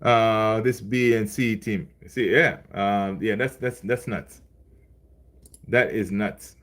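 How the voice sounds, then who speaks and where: A man hosts a casual live stream, reading chat aloud and talking loosely with plenty of fillers and repeated phrases. His voice is fairly low, fairly even and a bit bright, and he speaks slowly, laughing along with his viewers.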